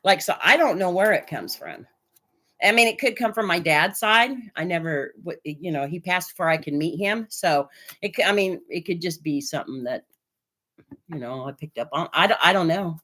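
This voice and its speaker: Bright-voiced chatty woman tarot reader. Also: lowish voice, moderate pace. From Oregon, US. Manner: chatty, hesitant, many fillers. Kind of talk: live-stream tarot reading.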